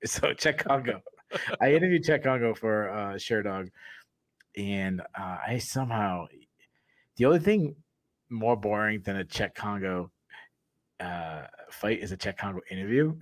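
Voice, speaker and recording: Podcast co-host, male, lowish voice, loose casual storyteller who laughs a lot. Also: no echo. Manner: rambling, laughs often between sentences. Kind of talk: casual chat.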